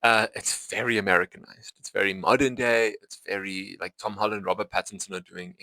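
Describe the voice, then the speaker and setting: A young man talks to camera about a film, his voice low-pitched but bright and forward. He rambles in loose, unscripted sentences, restarting and correcting himself often. The sound is close and dry. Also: fairly even intonation, fairly quick, dry recording, rough recording. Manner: rambling, full of fillers and self-corrections. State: itchy eyes. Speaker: vlogger reviewing a film. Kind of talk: casual unscripted talk to camera.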